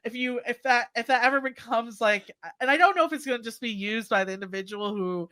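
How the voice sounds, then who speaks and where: A woman's voice: on the high side, brisk, bright, forceful tone. A woman telling industry stories in a casual podcast chat, with many fillers and restarts. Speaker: guest co-host.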